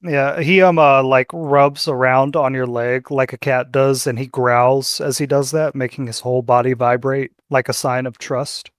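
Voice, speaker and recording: A man's voice: medium pitch, level tone, moderate pace, few pauses, dry recording, clean studio sound. A man narrating a tabletop game as game master in a loose, descriptive way.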